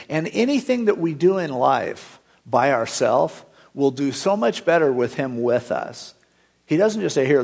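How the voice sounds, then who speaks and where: A middle-aged man preaching a sermon as pastor, telling stories and acting out the dialogue in lively voices. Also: mid-range voice, creaky, slightly rough.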